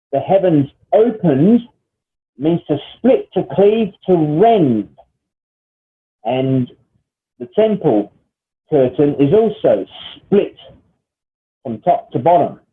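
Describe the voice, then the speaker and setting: Guy teaching a bible lesson, fairly high voice, keeps asking "okay?", phone-thin audio. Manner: explanatory, checks in with "all right?" and "okay?". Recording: tinny phone-like sound.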